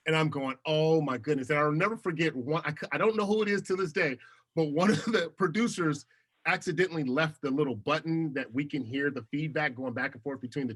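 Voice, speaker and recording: Bright-voiced animated man telling stories. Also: fairly high pitch, breathy edge. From United States. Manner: animated, laughs often. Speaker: podcast guest, TV host. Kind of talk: casual interview storytelling.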